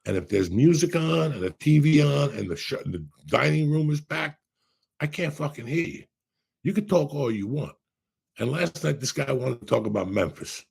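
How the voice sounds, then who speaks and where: A man's voice: medium pitch, lively intonation, normal speed, gravelly, a little mellow, slightly rough. A man in his sixties, a podcast co-host, telling rambling, profane stories in casual chat. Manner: profane, rambling storyteller with bursts of laughter.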